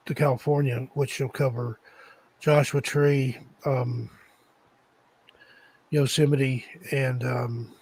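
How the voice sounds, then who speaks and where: A man, a guest author, talking casually in an easygoing way with frequent pauses. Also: medium pitch, a little mellow, breathy edge, rough recording. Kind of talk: casual interview talk.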